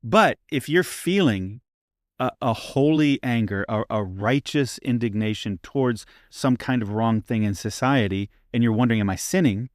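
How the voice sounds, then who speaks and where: A man's voice: mid-range voice, normal speed, no room sound, clean studio sound. A man co-hosting a faith podcast as a pastor, talking through a question earnestly and often checking in with "right?". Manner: earnest, uses frequent "right?" tags. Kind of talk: casual faith discussion.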